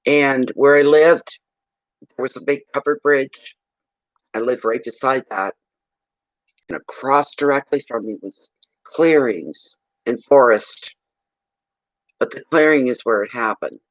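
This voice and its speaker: Brief: man from eastern Canada, rambling animated storyteller, dry and slightly muffled recording. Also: mid-range voice, a little slow, long pauses, no room sound. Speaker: psychic reader telling a story. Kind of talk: casual storytelling on a livestream.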